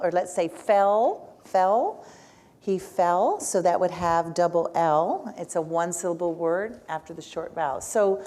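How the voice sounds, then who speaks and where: Woman teacher, lower voice. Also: a little mellow. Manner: asks the audience frequent questions, tags with "right?". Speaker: speech language pathologist teaching a workshop. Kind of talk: live classroom lecture.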